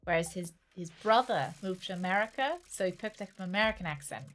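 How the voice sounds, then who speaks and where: A woman's voice: on the low side, expressive, fast talker, a bit bright, soft background music. A woman streaming a game, chatting casually with her viewers and often restarting her sentences. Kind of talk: casual chat while gaming.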